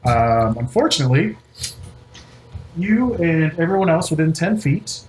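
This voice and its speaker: A man's voice: fairly high pitch, big pitch swings, measured pace, a little mellow, a little hiss or hum, low-quality recording. A man narrating as game master of a tabletop game, in a loose, joking way full of fillers and laughs.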